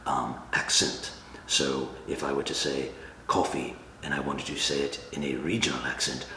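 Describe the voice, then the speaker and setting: A man hosting a comedic review, talking in a dry, deadpan way. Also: extremely low pitch. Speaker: cigar reviewer, channel host. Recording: echoey room with faint ambient noise.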